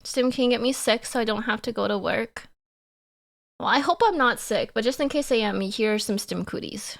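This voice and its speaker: A playful woman streaming from home and chatting with her audience. Her voice sits a bit high, and her talk is loose, giggly and easygoing. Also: normal speed, vocal fry. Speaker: livestreamer. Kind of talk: casual livestream chat reading chat.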